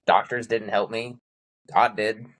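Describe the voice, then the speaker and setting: A man talking in a casual conversation, halting and hesitant, restarting his sentences often. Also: fairly low pitch, flat delivery, fairly bright tone, no echo, rough recording.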